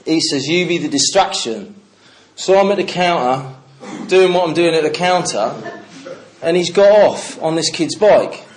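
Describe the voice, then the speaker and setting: Middle-aged man from the Midlands, slightly high voice, blunt sweary storyteller sharing his recovery story. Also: lively intonation, unhurried. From English Midlands. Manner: candid, swearing, storytelling with laughs. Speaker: recovery speaker. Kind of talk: personal testimony to a meeting.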